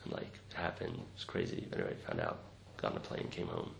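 A very deep, gravelly voice comes through fast and very animated as a man teaches meditation to a group. Even so, his talk is informal and reflective, with many sentences ending in "right?" The recording is roomy, with faint noise.

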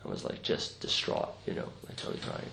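A man speaks a little fast, in a bright, forceful tone, while teaching meditation to a group. He's reflective and conversational, adding "right?" to many sentences to check in. The recording is roomy with faint noise.

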